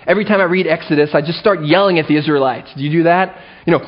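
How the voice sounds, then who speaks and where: A male pastor preaching a sermon with animated delivery and playful asides, on a dull lo-fi recording. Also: fairly high pitch, racing, hardly any pauses.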